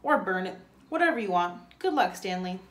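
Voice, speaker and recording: A brisk, authoritative attorney general speaks in an official tone, as a woman reading a story puts him on. Her mid-range voice carries a roomy echo. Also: mid-range voice, animated, a bit bright, close to an everyday voice.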